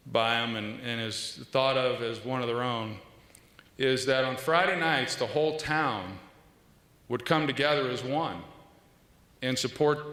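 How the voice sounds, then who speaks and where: A man, giving an earnest, measured acceptance speech at a podium with pauses and small restarts. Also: medium pitch, pushed and bright. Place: large banquet hall. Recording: echoey hall with long reverb.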